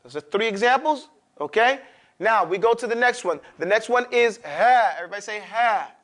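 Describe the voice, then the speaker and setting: A man's voice: high voice, lively intonation, normal speed, a bit bright. A man teaching Quran recitation to a class, drilling pronunciation and checking in often. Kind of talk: classroom lesson.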